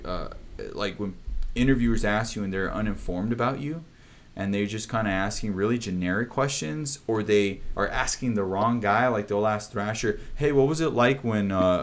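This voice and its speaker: A young man hosting a casual livestream chat, laid-back, swearing often, with lots of fillers. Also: medium pitch. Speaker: host, band drummer.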